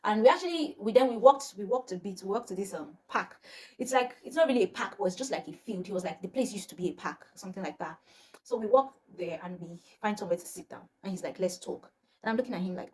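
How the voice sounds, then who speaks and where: A young woman with a Nigerian accent telling a personal storytime to her viewers in a chatty, animated way. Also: medium pitch, quick pace, a little hiss or hum. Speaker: vlogger. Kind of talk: storytime vlog.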